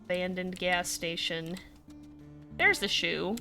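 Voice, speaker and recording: A woman streamer chatting casually over a wolf game, laughing often and loudly, with a light lilt. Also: medium pitch, animated, measured pace, faint music behind. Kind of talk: casual gameplay commentary.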